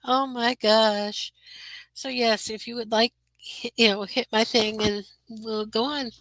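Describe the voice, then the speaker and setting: A woman's voice: fairly high pitch, steady tone, unhurried, a bit bright, dry recording, rough recording. A woman hosting a casual live chat from her room, greeting viewers by name with a chatty, rambling manner. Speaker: livestream host.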